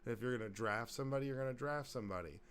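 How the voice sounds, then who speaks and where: A man's voice: medium pitch, very fast, fairly bright tone, clear, resonant tone. A man hosting a podcast in casual chat, rambling, joking and swearing freely. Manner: profane, rambling, jokey. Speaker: podcast host.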